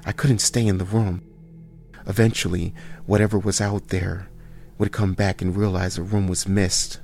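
A man narrating a first-person horror story in a slow, hushed delivery that sometimes drops to near whispers. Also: low-pitched, flat delivery, vocal fry, slight background noise.

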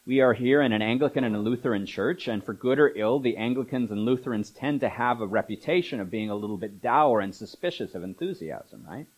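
A man's voice: mid-range voice, lively intonation, a little fast, few pauses, breathy edge, poor audio. Conversational male pastor preaching. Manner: conversational preaching with asides and filler words. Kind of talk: sermon. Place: church.

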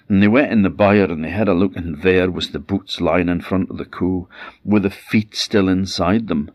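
Brief: Orcadian Scottish male storyteller, very deep voice, lively and wry, close dry mic, slightly dull sound. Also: moderate pace, no room sound. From Orkney, Scotland. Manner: animated, wry, conversational. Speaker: traditional storyteller. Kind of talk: oral folktale storytelling.

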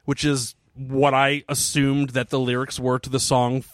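Excitable, swearing man on a dry mic. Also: mid-range voice, measured pace, dry recording. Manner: excitable, laughs often, swears freely. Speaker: podcast co-host. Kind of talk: casual movie commentary.

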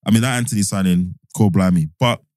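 A man, co-hosting a casual football podcast, talking in animated, slangy bursts. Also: low voice, fast talker, no echo. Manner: animated, slangy, mimics people he quotes. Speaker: podcast co-host.

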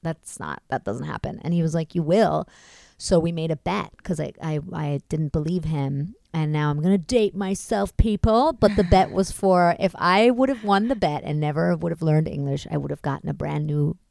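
A woman's voice: sits low, normal speed, creaky, hardly any pauses, no echo. A young woman from Germany, a comedian, chatting casually on a podcast and acting out people in her stories. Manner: animated storyteller, acts out quotes. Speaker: comedian guest.

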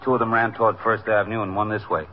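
A man's voice: on the low side, flat delivery, rapid-fire, soft background music, natural voice. An actor playing a dutiful young patrolman in a 1950s radio drama, talking in a plain, matter-of-fact way. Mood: reporting. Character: loyal, dutiful young patrolman driving the captain's car. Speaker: police officer. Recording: muffled old radio broadcast with hiss.

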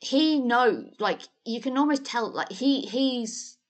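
A woman's voice: fairly high pitch, slow. A woman, co-hosting a casual film chat podcast, blunt and sweary, often trailing off and restarting. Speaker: podcast co-host.

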